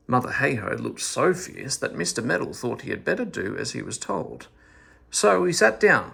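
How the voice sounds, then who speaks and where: A man reading a children's story aloud in an expressive, animated storytelling manner. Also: medium pitch, normal speed, creaky, breathy edge.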